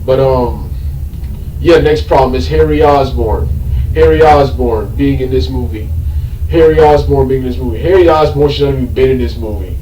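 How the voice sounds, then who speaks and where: A man's voice: medium pitch, normal speed, dark tone, far from the mic, dull audio, a little hiss or hum. A man reviewing a movie in an unscripted rant. He repeats himself, loses his train of thought, says "um" a lot, and breaks into exasperated outbursts. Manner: rambling and repetitive, loses his train of thought, many filler ums. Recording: echoey room, voice set back from the mic.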